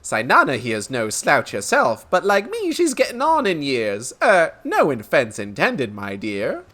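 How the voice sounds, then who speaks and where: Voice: wildly swooping pitch, a little slow, exaggerated voice. A streamer voicing a boastful older male merchant in a video game, with a folksy old-timey way of talking. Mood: hearty, boastful. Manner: loud and hearty, swooping high.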